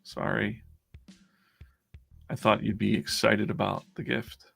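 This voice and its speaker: A man reading the lines of a caring cartoon elephant in a low gravelly voice. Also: level tone, takes it slowly, a bit bright, faint music behind, exaggerated voice. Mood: gentle.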